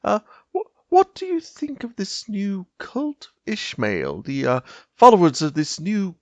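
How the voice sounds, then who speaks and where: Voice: medium pitch, huge pitch swings, a little slow, dry recording, highs cut off. An interviewer speaking politely and hesitantly, with lots of ums and uhs, in a comedy interview.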